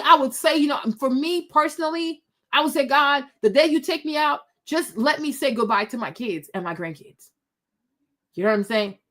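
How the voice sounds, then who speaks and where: A middle-aged host with a high voice tells her viewers a personal story directly. She's chatty and animated, filling the telling with asides and quick turns back toward her audience.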